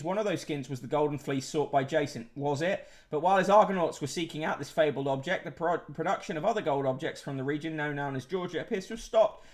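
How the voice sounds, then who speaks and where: A man hosting a casual livestream, reading out newspaper headlines and chat comments with sardonic asides, swearing and frequent fillers. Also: fairly high pitch. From United Kingdom.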